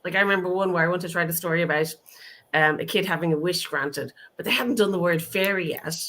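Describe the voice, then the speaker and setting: A woman guest recounts a story casually, leaning on "um" and "like" as she goes. Her voice sits a little low. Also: fast, a bit bright. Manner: storytelling with many fillers. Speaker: guest, author. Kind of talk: casual chat on a video call.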